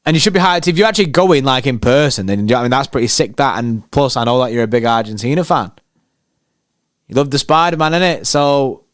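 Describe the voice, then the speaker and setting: A man hosting a live match watchalong, excitable and slangy as he chats with viewers. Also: on the high side, no echo, clean studio sound. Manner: excitable, slangy, banter with chat. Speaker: fan channel host.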